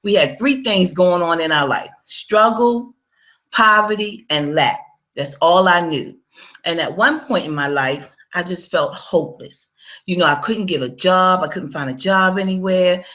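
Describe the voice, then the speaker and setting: A woman's voice: lowish voice, measured pace, a bit bright, muffled recording. A woman giving a personal testimony in a conversational storytelling manner, speaking straight to her listeners and acting out her own past dialogue.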